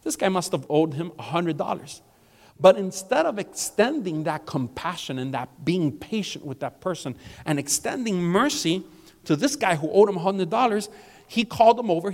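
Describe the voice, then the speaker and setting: A pastor from South Florida preaching a sermon as a relaxed, conversational story. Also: male voice, high-pitched, normal speed. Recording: long hall reverb.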